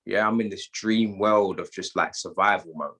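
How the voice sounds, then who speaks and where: A British man with a London accent tells a personal story as a podcast guest, animated and full of street slang. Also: low voice, moderate pace, breathy edge. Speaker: guest, gym owner.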